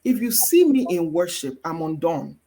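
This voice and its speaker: A woman's voice: fairly low pitch, very animated, normal speed, dark tone. A woman with a Nigerian accent giving a faith-based marriage teaching as guest mentor, with an emphatic, preacher-like delivery.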